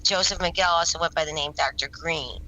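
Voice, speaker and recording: A woman with a bright, forceful, low-pitched voice talks briskly as a guest on an interview show, sharing her experiences earnestly and at rambling length. She frequently restarts sentences and repeats words, and the recording sounds rough.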